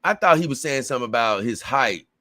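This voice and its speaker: A man's voice: medium pitch, animated, fast, sharp tone, no room sound. A man hosting a casual livestream, reading viewer comments aloud and rambling to his audience in a slangy, talkative way.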